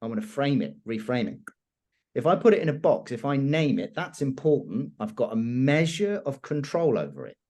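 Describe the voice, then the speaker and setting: A man trainer teaching influence techniques in an animated, expressive conversational way. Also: medium pitch, normal speed. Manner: animated, expressive, laughs often.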